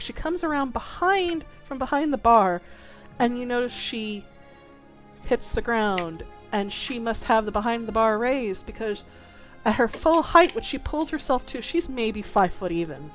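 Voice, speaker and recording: A woman narrating a tabletop game as dungeon master, describing scenes slowly with small hesitations. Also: fairly high pitch, poor audio.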